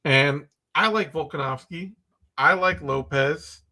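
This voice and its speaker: Slow-talking bright-voiced male podcast host. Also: on the high side. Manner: joking, opinionated, loose with fillers. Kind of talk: casual podcast chat.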